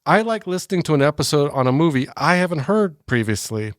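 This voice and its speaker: A podcast co-host on a casual movie show reads listener comments, jokes with his fellow hosts, and wraps things up with a ranking. His voice is a little high, sing-song and brisk, captured cleanly in a studio with no echo.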